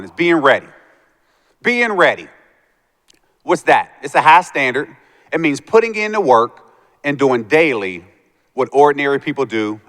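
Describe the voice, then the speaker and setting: This motivational speaker has a mid-range, fairly bright voice. He shares his life story with students, imitating the voices of the characters along the way, and long hall reverb colors the sound.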